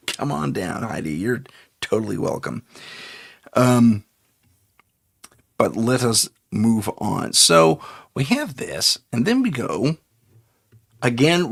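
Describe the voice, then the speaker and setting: A man with a gravelly, husky voice hosts a live talk show. He rambles loosely, stops to correct his own words and chuckles as he goes. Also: medium pitch. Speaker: podcast host.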